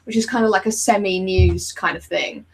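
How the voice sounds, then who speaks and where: A woman's voice: mid-range voice, steady tone, moderate pace, vocal fry, husky, low-quality recording. A woman chatting casually on a podcast, rambling with lots of ums. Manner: rambling, many ums and likes. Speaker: podcast co-host. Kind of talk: casual chat.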